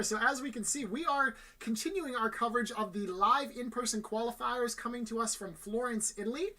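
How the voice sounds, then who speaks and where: Bright-voiced woman commentating a game. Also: on the high side. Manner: upbeat, joking banter with co-host. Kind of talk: live tournament commentary.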